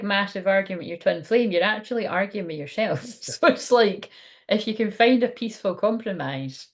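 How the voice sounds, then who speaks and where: A young woman giving a casual, frank tarot reading on a livestream, laughing often and swearing now and then. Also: medium pitch. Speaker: tarot card reader.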